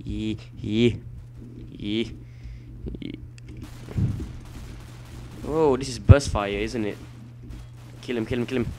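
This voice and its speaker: A man giving let's play commentary at his computer, excitable and quick to shout and swear at the game. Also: mid-range voice, background noise. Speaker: gameplay commentator.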